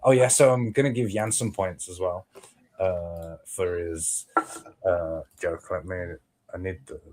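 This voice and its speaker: A man with a fairly low voice hosts a live show, explaining rules in a loose way full of fillers. A faint hiss sits behind him. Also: fairly even intonation, unhurried, a little mellow. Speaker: stream host. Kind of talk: casual chat.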